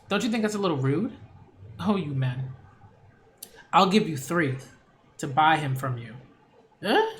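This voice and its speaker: Spoiled young woman, bossy, high voice, man doing it, storybook reading. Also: a little hiss or hum. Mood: scornful. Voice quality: high, loud, quick.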